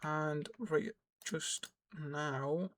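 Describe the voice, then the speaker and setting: A young man, his voice sitting a little high, talks his way through a gameplay tutorial. He rambles and restarts sentences as he explains each step, while keys clack faintly in the background. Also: steady tone, extremely slow, a bit bright, a little hiss or hum. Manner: rambling, self-correcting, explains as he plays. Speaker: gaming YouTuber. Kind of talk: casual gameplay tutorial commentary.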